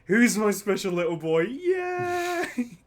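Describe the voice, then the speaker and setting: A man's voice: high voice, sing-song, slow pace, pitched above the performer's own voice, exaggerated voice. A man doing a gushing, doting war god. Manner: gushing, cheery. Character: over-the-top cheerful war god, doting dad.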